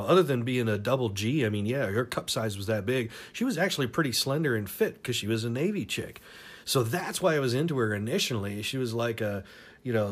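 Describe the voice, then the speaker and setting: A man spins a crude personal anecdote in an easy, casual way. He rambles, swears freely and chuckles at his own story. His voice sits at an ordinary middle pitch. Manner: rambling, profane, laughs through his stories.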